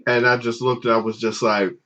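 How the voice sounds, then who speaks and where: A man's voice: medium pitch, flat delivery, brisk, bright, forceful tone. A man co-hosting a podcast, telling a story casually and laughing often. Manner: laughs often, acts out voices in his stories. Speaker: podcast co-host. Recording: dull lo-fi podcast audio.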